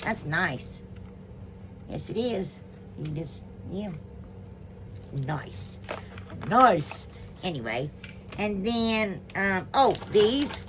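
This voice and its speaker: A woman with an Ohio accent hosts her home DIY channel in a casual, gushing chat. She talks to viewers with lots of ums and likes, at a middling pitch. A faint hum of room noise sits behind her. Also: animated, slow pace. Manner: chatty and gushing, many fillers.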